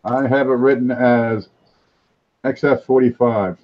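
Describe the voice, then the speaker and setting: A man hosting a casual coin auction live stream, joking his way through a mock sales pitch. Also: fairly even intonation, measured pace, muffled recording, a little hiss or hum.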